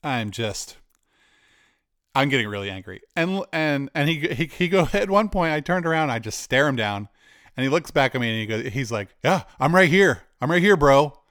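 A man's voice: medium pitch, lively intonation, normal speed, fairly bright tone, smooth, no echo, studio quality. A man, likely in his forties, telling a candid personal story in a conversational way with asides. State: cancer patient.

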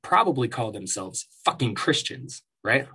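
A man's voice: mid-range voice, big pitch swings, normal speed, pushed and bright, breathy edge. A man delivering an angry, profane, sarcastic rant as commentary, with mocking asides. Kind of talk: ranting commentary.

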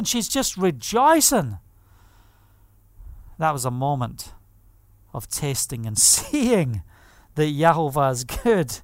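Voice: mid-range voice, big pitch swings, slow, fairly bright tone, no echo, clean studio sound. A preacher giving a fervent testimony sermon, telling stories vividly. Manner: vivid storytelling, acts out quoted voices, fervent.

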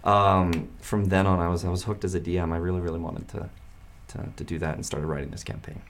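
A man hosting a casual chat as a game master, halting, with many fillers and restarts. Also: sits low, little pitch movement. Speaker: podcast host and game master.

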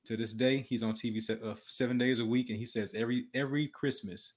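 A man's voice: medium pitch, fairly even intonation, quick pace. A young man telling a story in casual talk, earnest and often restarting and repeating words, and he says he has a stutter. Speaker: podcast guest.

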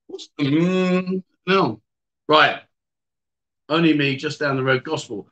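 A man's voice: on the high side, takes it slowly, a bit bright, highs cut off. A man hosting a casual livestream, reading viewer comments aloud and joking with his guests. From England. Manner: teasing, joking banter with guests. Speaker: livestream host.

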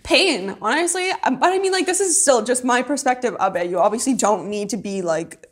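A woman's voice: fairly high pitch, expressive, a little fast. A young woman in casual conversation, laughing often, saying "like" constantly and swearing offhandedly. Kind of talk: casual chat.

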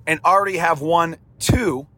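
A man's voice: fairly high pitch, normal speed, sharp tone. A man hosting a sports podcast on his own, his voice strained and damaged, talking in an emphatic, preachy way and repeating words for punch. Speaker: podcast host. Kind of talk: sports commentary podcast monologue.

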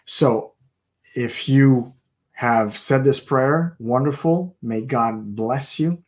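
A man co-hosts a Christian broadcast in a loose, informal way. He often stalls and starts his sentences over. His pitch is ordinary for a man. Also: slow pace, darkish tone. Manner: hesitant, many fillers and restarts. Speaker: co-host. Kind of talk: casual chat on a Christian broadcast.

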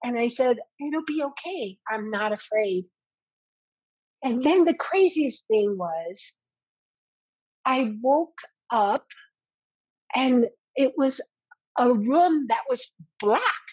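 A woman in her fifties recounts a dramatic personal story, her voice pitched a little high and slightly husky. She talks close and dry, with no room around her, and jumps up in pitch when she quotes herself. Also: slow, pauses often, dry recording, muffled recording. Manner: earnest, animated retelling with quoted dialogue. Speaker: interview guest.

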